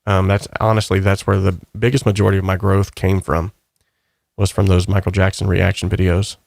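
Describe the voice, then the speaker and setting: A man's voice: low-pitched, flat delivery, fairly quick, vocal fry, a little mellow, dry recording, clean studio sound. A man hosting a casual stream, chatting loosely and reading viewer comments aloud in a rambling, upbeat way. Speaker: channel host.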